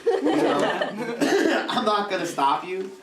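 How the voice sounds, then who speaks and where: Speaking slowly in a high voice with big pitch swings, a youth pastor gives a casual, humorous sermon in a church youth service room and performs prayers in comic voices. The recording is very noisy, with a distant mic and the echo of a church hall.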